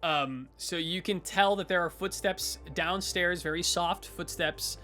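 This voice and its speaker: A man narrates a tabletop game as game master in a high, bright voice. He rambles, filling pauses and correcting himself as he goes. Faint music sits behind him. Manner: rambling, filler-heavy, self-correcting.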